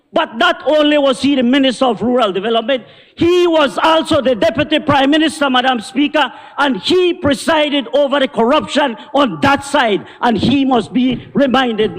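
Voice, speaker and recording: High-voiced, indignant Belizean man in a reverberant chamber. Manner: indignant, combative, rhetorical. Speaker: member of parliament. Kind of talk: parliamentary debate speech. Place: parliament chamber. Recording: long reverb of a large chamber.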